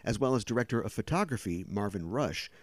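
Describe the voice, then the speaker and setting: A man's voice: lowish voice, lively intonation, a little fast, no room sound. A man hosting a casual podcast chat, talking at length and explaining background details. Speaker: podcast host.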